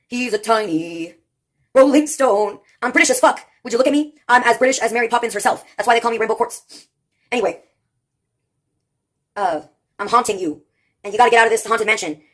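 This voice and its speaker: Woman, slightly high-pitched voice, loose absurd comic monologue, self-amused. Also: a bit bright. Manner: absurd free-associating, frequent laughs at own jokes. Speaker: comedic monologue performer. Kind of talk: rambling improvised comedy monologue.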